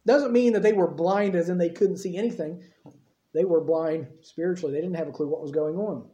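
A man preaching a sermon, telling the story in an animated way and acting out the quotes himself. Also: on the high side, fairly quick, echoey room, dull audio. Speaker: pastor.

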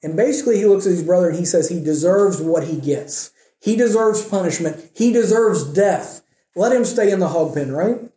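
A man preaches an emphatic sermon and poses rhetorical questions to his listeners. His voice is mellow and sits fairly high. The recording is echoey and roomy. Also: expressive, moderate pace. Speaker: pastor. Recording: echoey room.

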